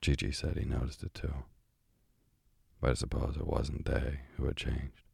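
Chatty old parrot read by a man; very low, husky, dark, dry close sound. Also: level tone, normal speed, no echo, full character voice.

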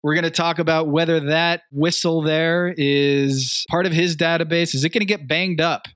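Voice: mid-range voice, steady tone, moderate pace, a bit bright, no room sound. A podcast co-host speaks on a dry, close mic, with no room sound behind the voice. The co-host teases the others and keeps trying not to laugh. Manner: giggly, teasing. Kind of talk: casual comedic chat.

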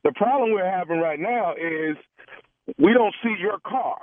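A man's voice: sits high, unhurried, no room sound. A man making a prank phone call on a radio show, stammering, stalling and pleading. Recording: tinny phone line.

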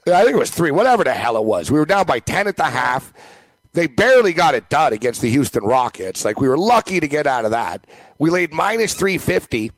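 A man's voice: fairly high pitch, big pitch swings, fairly quick, dry recording, low-quality recording. A man co-hosting a casual sports talk show, ranting emphatically and rambling with lots of fillers.

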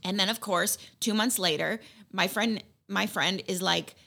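A woman co-hosting a casual podcast chat, telling lively stories and acting out what others said. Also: medium pitch, unhurried, vocal fry. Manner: animated storyteller, acts out quotes. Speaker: podcast co-host.

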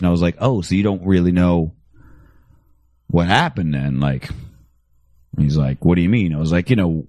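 A man's voice: sits low, dry recording, studio quality. A young adult man telling a story in casual chat, acting out the quoted dialogue as he goes. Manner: animated, acts out quoted dialogue with voice shifts.

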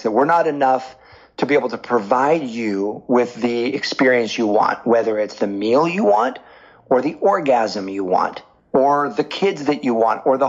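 A man being interviewed as a dating coach, explaining with lively stories and examples. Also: medium pitch, highs cut off. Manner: animated storyteller, explains with examples. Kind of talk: podcast interview.

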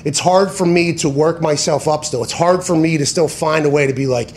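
A man's voice: on the high side, brisk, a little mellow, a little hiss or hum. A man hosting a sports talk show, talking casually in an emphatic, profane way and often correcting himself mid-sentence. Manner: tangents and self-corrections.

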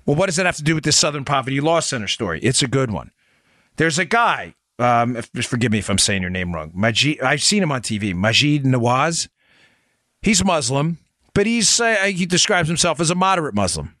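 A man's voice: mid-range voice, big pitch swings, fairly quick, bright, forceful tone, no echo. A middle-aged man hosting a podcast, delivering heated political commentary in a combative, ranting way full of punchy rhetorical questions. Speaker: podcast host.

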